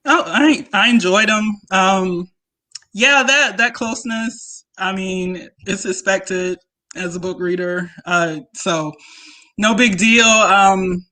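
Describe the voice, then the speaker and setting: A woman's voice: medium pitch, slow pace, bright, forceful tone. A woman in a casual live-streamed chat, giggly and trailing off, on a video call.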